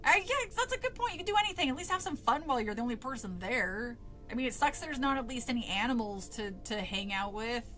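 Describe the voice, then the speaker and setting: A woman's voice: a little high, fast, fairly bright tone, faint music behind, low-quality recording. A woman streamer casually reading a spooky kids' book aloud, laughing, swearing and chatting with her viewers between passages.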